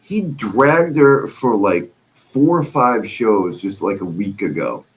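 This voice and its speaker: Male streamer host, young adult, low voice that swings a lot, sarcastic and profane. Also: lively intonation, takes it slowly. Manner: exasperated, sarcastic, swears a lot. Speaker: streamer host reacting to clips. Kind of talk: profane reaction commentary.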